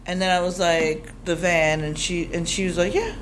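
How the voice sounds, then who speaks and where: Profane, animated woman storyteller. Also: lowish voice, moderate pace, a crowd in the background. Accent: Chicago. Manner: profane, animated, acts out quoted voices. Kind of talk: live storytelling on stage. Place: stage before a live audience.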